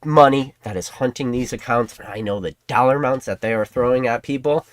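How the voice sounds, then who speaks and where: A man's voice: medium pitch, brisk, dry recording. A man hosting a trading card channel, talking in a casual, rambling, conspiratorial way to his viewers. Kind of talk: casual commentary to camera.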